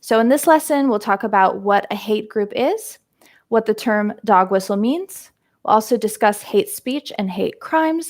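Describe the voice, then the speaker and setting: A woman teaching English vocabulary in a live-streamed lesson, explaining terms step by step. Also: mid-range voice. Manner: slow, explains terms step by step, frequent "um" and "right?".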